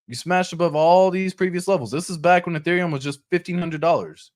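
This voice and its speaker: A man hosting a casual crypto show, talking over charts in an excitable, slangy way. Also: high-pitched, a little fast. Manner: excitable, chatty, slangy, laughs often. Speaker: crypto channel host.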